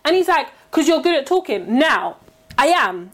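A young woman in casual chat, animated and quick to interrupt herself, often repeating words as she hunts for them. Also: high voice.

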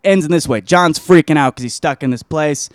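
A man's voice: fairly high pitch, a little fast, no room sound, studio quality. A young man casually retelling a novel on his vlog, rambling and full of slang and swearing. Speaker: book reviewer, vlog host. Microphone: camera mic.

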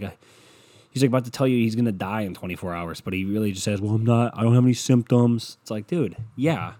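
A young man hosting a podcast at home, ranting casually with lots of swearing and rambling asides. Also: on the low side. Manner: profane, rambling, loud. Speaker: podcast host. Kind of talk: casual rant monologue. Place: room at home.

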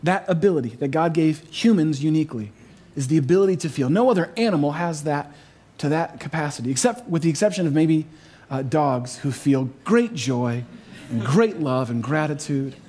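A pastor with a fairly high voice delivers an earnest sermon. He leans into his points with emphasis and slows right down on the phrases he wants to land. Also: animated, mellow. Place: church overflow room.

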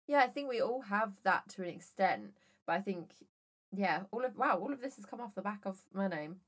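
A woman's voice: mid-range voice, lively intonation, a little fast, breathy edge. A woman co-hosting a casual podcast chat, telling jokey stories with plenty of swearing. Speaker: podcast co-host.

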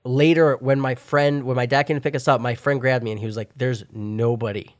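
A young man in casual chat, telling a long story full of swearing and filler words and shouting out the lines he once said. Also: mid-range voice, steady tone, a little fast, no room sound, clean studio sound. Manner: profane, rambling storytelling with loud acted-out shouts.

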